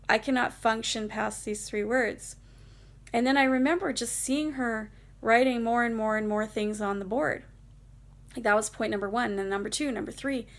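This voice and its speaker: Young woman, casual storytime vlogger, rambling with fillers, gravelly fry in the voice. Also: a little high. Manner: rambling, lots of fillers like "like" and "you know". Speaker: vlogger telling a personal story.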